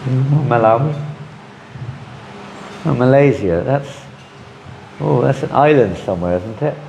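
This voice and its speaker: A man teaching a scripture class in a lively way, often acting out the voices of people he quotes. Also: medium pitch, measured pace, gravelly, roomy sound, dull audio, slight background noise. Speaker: spiritual teacher.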